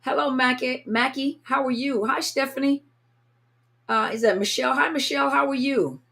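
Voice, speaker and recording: A slightly tired woman greets her live stream audience one by one, calling out their names in a warm, chatty way. Her pitch sits high and she talks at a normal speed, broadcasting casually from home in California.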